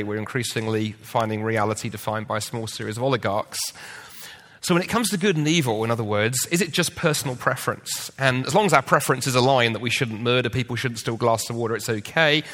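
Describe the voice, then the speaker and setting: A man on a debate panel, arguing his point and telling stories with acted-out voices. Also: medium pitch. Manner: animated storyteller, acts out quoted voices. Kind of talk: public debate talk. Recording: long hall reverb.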